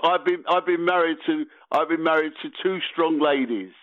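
A man's voice: a little high, moderate pace, no room sound. Elderly British man in his eighties, teasing and evasive, dry phone-line sound. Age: 80s. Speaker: guest. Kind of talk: phone interview.

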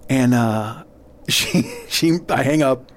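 A middle-aged man, a comedian guest, telling a long story in a casual, animated way, laughing and acting out the other people's lines. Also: mid-range voice, slow.

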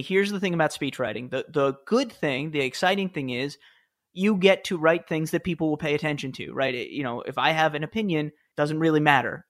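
A former presidential speechwriter and author, this man tells stories earnestly in a casual interview. His voice is a little high and fairly bright, and he often restarts his sentences.

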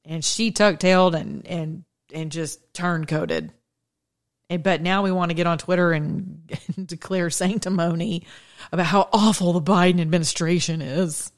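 A woman's voice: fairly low pitch, animated, moderate pace. A woman hosting an opinion podcast, talking in a sarcastic, combative way and laughing often. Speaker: podcast host. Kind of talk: opinion monologue.

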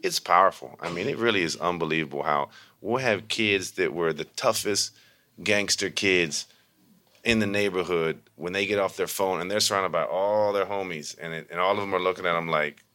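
Low, bright-voiced man telling stories. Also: normal speed. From Baltimore, USA. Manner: animated, acts out quoted voices; frequent fillers like "you know". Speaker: guest, yoga and mindfulness teacher. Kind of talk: conversational storytelling.

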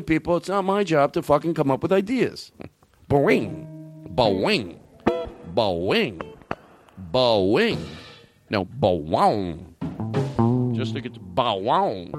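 A man hosting a comedy show, rambling and hyper, swearing freely as he jumps between topics. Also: fairly high pitch. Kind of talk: rambling comic banter.

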